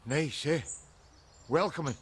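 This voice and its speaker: A man's voice: a little high, slow, a little hiss or hum. A sarcastic Glasgow man. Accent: Glaswegian. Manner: sarcastic, mocking. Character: sarcastic scruffy Glasgow man, middle-aged, mocking. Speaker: lodger in a politician's home. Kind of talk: sitcom acting.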